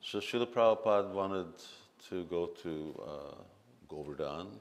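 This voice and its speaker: Man, very low voice, reads to a festival crowd and leads chants. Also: animated. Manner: reads quotes in a measured voice, breaks into leading chants. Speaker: speaker at a temple festival. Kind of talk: reading aloud and speaking to a gathering. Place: festival gathering with a translator.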